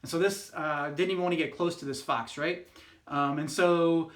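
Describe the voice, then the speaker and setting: A man's voice: on the high side, fairly even intonation, normal speed, a bit bright, roomy sound. A man, a youth pastor, telling a fable in a casual, rambling way, with lots of fillers and restarts. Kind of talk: youth group devotional talk.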